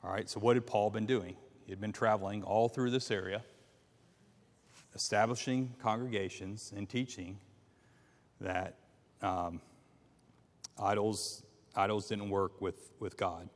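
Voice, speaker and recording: Man, low voice, Bible class teacher, halting with fillers, long hall reverb. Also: steady tone. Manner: halting, with many fillers and restarts, asks the class questions. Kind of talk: teaching a Bible class, reading scripture aloud.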